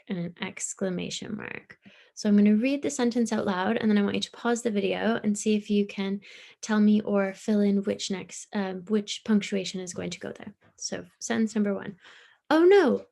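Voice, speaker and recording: Infant-school teacher, female, encouraging and patient, slight gravel in the voice. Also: medium pitch. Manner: gentle, encouraging, explains step by step. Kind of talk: recorded online lesson for young children.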